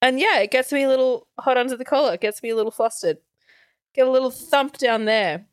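A woman's voice: sits high, a little fast, no room sound. Laughing woman, dry close sound. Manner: candid, laughs often, rambling asides. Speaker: podcast co-host. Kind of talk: casual chat.

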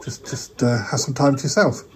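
A man's voice: mid-range voice, a little fast, a little mellow, soft background music, poor audio. A man hosting a comedy podcast, talking hesitantly with many stammered restarts. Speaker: podcast host. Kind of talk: comic skit chat.

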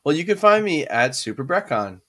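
A man co-hosting a podcast in casual chat, joking around and quick to agree. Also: a little high, big pitch swings, sharp tone. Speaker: podcast co-host.

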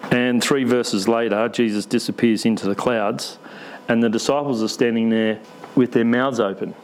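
Casual preacher. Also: male voice, mid-range voice, steady tone, moderate pace, rough recording. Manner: casual, asks the congregation questions, light humour. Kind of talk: conversational sermon. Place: church.

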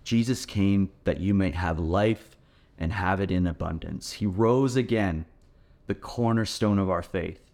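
A male pastor delivers a sermon in a fairly low voice. His preaching is earnest and emphatic, pressing each point home. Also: a little slow, darkish tone.

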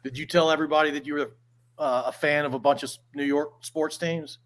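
A man hosting a podcast interview, asking casual, halting questions. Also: fairly high pitch, steady tone, a bit bright. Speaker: podcast host.

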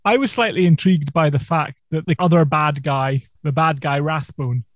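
A man co-hosting a podcast, asking questions in a measured, inquisitive way. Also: a little high, no echo. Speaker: podcast co-host. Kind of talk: casual chat.

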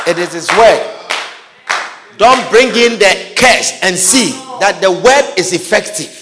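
A man preaching a sermon, emphatic and repetitive, often rising to shouts. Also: sits high, animated, slow, long reverb tail, background noise.

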